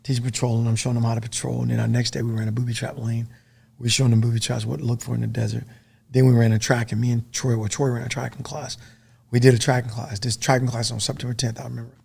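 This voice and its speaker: A middle-aged man and former soldier, a podcast guest telling stories in a casual, profane, animated way. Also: medium pitch, fast, vocal fry, breathy edge. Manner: profane, animated storytelling full of dude and man.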